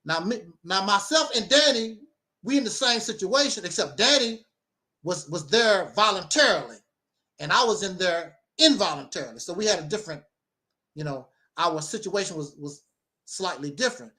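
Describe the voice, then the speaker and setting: A man's voice: high-pitched, expressive, moderate pace, sharp tone. A man telling a personal story in casual conversation, rambling and repeating his phrases. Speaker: guest sharing his story.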